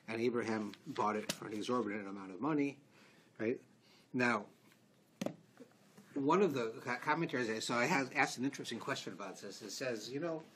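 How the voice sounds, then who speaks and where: A man's voice: medium pitch, slight background noise. A man with a Canadian accent, a rabbi giving a conversational Torah class in a synagogue, telling stories and acting out bits of dialogue as he goes. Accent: Canadian English. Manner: conversational, animated storytelling with acted-out dialogue.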